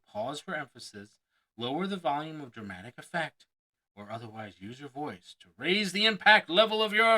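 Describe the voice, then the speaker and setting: Man, bright and forward tone, reads a how-to book aloud and adds unscripted side remarks. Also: mid-range voice, rough recording. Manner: expressive reading that breaks off to comment on his own slips. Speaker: reader of a self-help book on performing. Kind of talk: reading a book aloud with off-the-cuff asides.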